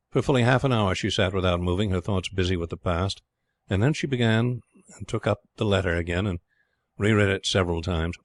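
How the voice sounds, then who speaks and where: A man narrating an audiobook in a steady, clear storytelling manner. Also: deep voice, fairly quick, no echo. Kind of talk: scripted narration.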